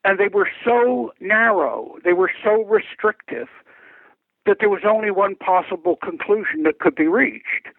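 An older man speaking as a guest over the phone, explaining things deliberately and often repeating words as he restarts. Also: sits high, gravelly, no echo. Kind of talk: phone interview, recounting and explaining. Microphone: telephone. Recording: tinny phone line.

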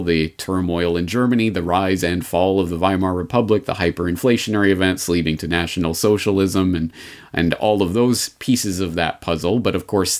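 Deep-voiced man explaining monetary history. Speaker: podcast host. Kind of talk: spoken history commentary.

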